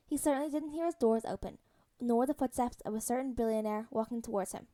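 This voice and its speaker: Soft-voiced woman reading a story. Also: on the high side, fast. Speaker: podfic reader. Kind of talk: audiobook-style fan fiction reading.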